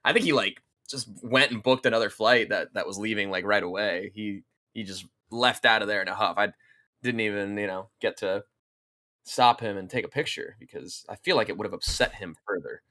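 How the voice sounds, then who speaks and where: A man's voice: on the low side, fairly quick, pushed and bright. A man co-hosting a podcast in casual chat, wry and amused. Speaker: podcast co-host.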